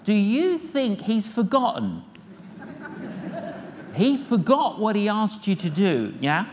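A man's voice: high voice, takes it slowly. An older man delivers a sermon, spinning humorous stories and repeating his phrases for effect. His voice rings out with a long hall reverb. A faint hiss of noise sits under the recording. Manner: lively storyteller acting out dialogue, repeats phrases. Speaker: evangelist preacher.

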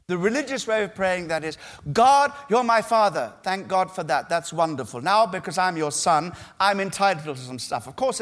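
A man preaching a sermon as pastor, lively and emphatic, acting out people's prayers. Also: high-pitched. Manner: animated preaching, acting out prayers in mock voices.

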